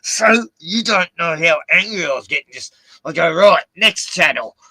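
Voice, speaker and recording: An Australian man holds forth in loose podcast chat, swearing freely and sounding fed up. His voice sits a little high and comes across sharp and bright. The sound is dry and close. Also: animated, moderate pace, dry recording, poor audio. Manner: swears a lot, ranting and exasperated. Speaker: podcast host. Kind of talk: casual chat.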